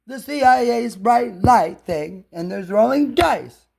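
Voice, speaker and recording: Gravelly rambling man shouting at screen. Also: extremely high pitch, lively intonation, slow pace. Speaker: commentator reacting to a video. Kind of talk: rambling hostile commentary.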